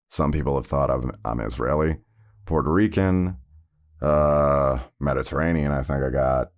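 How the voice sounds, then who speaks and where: A man's voice: very deep voice, normal speed. A man hosting a podcast, telling personal stories in a conversational, rambling way with lots of fillers. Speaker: podcast host.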